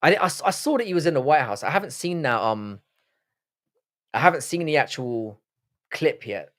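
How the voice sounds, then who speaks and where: A man's voice: a little high, lively intonation, normal speed, a bit bright. A young man from Cork with an Irish accent, hosting a casual livestream and answering viewer comments in a blunt, sweary, rambling way. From Ireland. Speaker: livestream host. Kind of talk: casual live-stream chat reading viewer comments.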